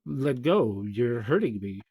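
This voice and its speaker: A man's voice: medium pitch, moderate pace, mellow, close to an everyday voice, poor audio. A man voicing a polite, earnest young male elephant calf in a storybook reading. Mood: annoyed.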